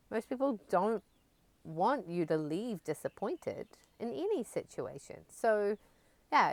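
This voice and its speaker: A woman co-hosting a casual podcast chat, chatty and quick to act out small everyday scenes. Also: medium pitch, no echo. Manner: chatty, acts out little quoted scenes. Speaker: podcast co-host.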